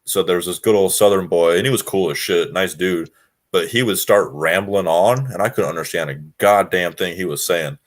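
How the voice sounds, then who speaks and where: Low-voiced laid-back man from Washington. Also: normal speed. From Washington state, US. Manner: laid-back, swears freely, laughs often. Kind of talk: casual chat.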